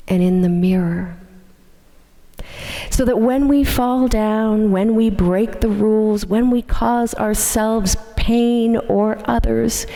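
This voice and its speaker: A woman minister delivering a sermon, telling a story in a measured, gentle way. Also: medium pitch, creaky. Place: church sanctuary. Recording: long hall reverb in a church.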